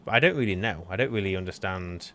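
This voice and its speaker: A man co-hosting a relaxed gaming stream, his voice lowish but bright and forceful. He talks casually, wanders off mid-thought and restarts his sentences, with faint noise behind him. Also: fast. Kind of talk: casual chat while gaming.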